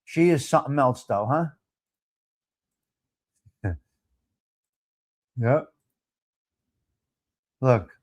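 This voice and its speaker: A man's voice: medium pitch, animated, very slow, pauses often. A man hosting a live talk show, brash and profane, repeating himself as he riffs. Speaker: host.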